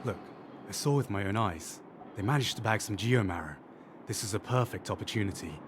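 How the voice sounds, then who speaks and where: A man's voice: fairly low pitch, fairly quick, noisy background, close to an everyday voice. A man voicing a scornful, scheming bandit ringleader in a video game, bossing his men around. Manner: scornful, bossy.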